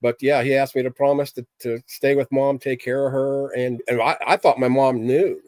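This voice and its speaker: A man's voice: mid-range voice, fairly even intonation, normal speed, darkish tone, dry recording. A middle-aged man hosting a casual livestream, talking candidly with viewers in a rambling, plain-spoken way. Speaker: livestream host chatting with viewers.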